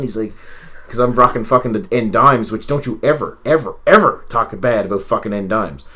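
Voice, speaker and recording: Young man, Newfoundland accent, casual podcast co-host, swears a lot, rambles, mid pitch. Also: a little fast, sharp tone. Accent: Newfoundland English. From Newfoundland, Canada. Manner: rambling, profane, jokey storytelling. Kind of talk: casual wrestling podcast chat.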